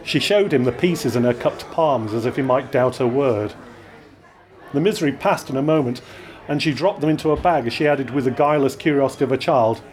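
A man reading a story aloud to an audience, with wry, expressive narration. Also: medium pitch, fairly quick. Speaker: reader. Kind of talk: live reading of his own story.

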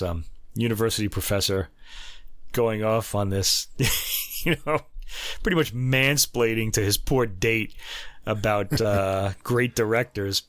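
A man hosting a casual classical music review, chatty and digressive, laughing at his own jokes and slowing down to spell out foreign terms. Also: lowish voice, no room sound, clean studio sound. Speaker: host reviewing a classical album.

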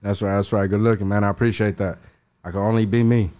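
A man's voice: fairly low pitch, steady tone, fast talker, a little mellow. A man speaking as a guest on a call-in show, laid-back and laughing, in street slang. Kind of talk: casual chat.

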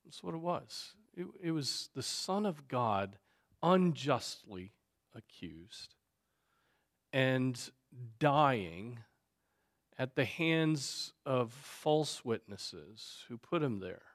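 Slow-talking pastor teaching a Bible class. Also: male voice, mid-range voice, lively intonation. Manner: conversational, many fillers and tag questions. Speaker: pastor teaching Sunday school.

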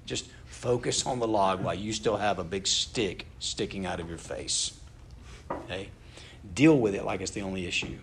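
A man's voice: sits low, normal speed, vocal fry, a little hiss or hum. A man preaching a conversational, earnest sermon, asking his listeners questions as he goes. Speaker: pastor.

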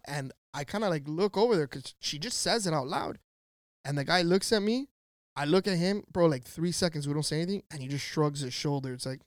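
A man's voice: fairly high pitch, brisk, no room sound, clean studio sound. A man co-hosting a podcast, telling a story in casual chat with lots of slang and swearing, acting out the people he quotes. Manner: animated, slangy, profane, acts out quoted voices. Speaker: podcast co-host.

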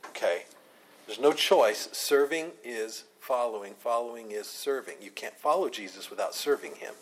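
A man teaching an informal Bible study. He is animated, often repeats and restarts words, and laughs a lot. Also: medium pitch, husky, poor audio.

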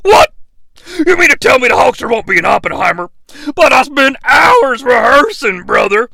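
A man doing a bellowing gravelly wrestler. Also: sits high, sing-song, normal speed, dry recording, clean studio sound, heavily acted. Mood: excited. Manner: shouting, hoarse catchphrase bluster. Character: loud pro wrestler impression, brash middle-aged man. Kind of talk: comedic impression reading AI script.

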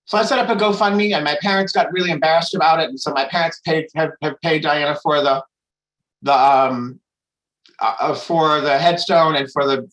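A man with a fairly high, bright, forceful voice gives an open personal share at a support meeting. He rambles and restarts his sentences, swears freely and talks frankly about emotional things. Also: rough recording. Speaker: member sharing at a recovery meeting.

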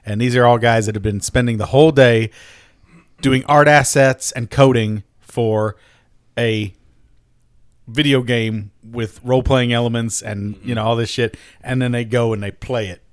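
A man's voice: medium pitch, fairly even intonation, normal speed, smooth. A man telling stories in a casual chat, loose and chatty, swearing now and then.

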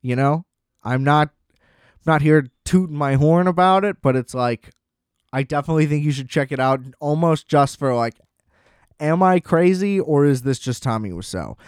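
A man's voice: fairly high pitch, normal speed, smooth, no room sound, studio quality. A young man casually reviewing a TV series in a rambling monologue, with lots of filler words and profane asides. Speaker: show reviewer.

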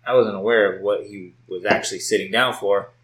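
A man's voice: fairly low pitch, fairly even intonation, fairly quick, a bit bright, low-quality recording. Profane, chatty man telling stories. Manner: loose, profane storytelling with lots of "like". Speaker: podcast co-host. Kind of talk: casual chat. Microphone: home test recording mic.

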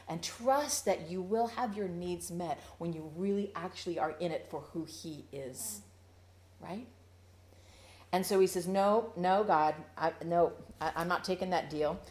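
A woman leading a Bible study, talking at a middle pitch in a roomy, echoing space. She is animated and playful, acting out the quotes, and turns earnest and urgent when she presses a point. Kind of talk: verse-by-verse Bible teaching. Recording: roomy echo.

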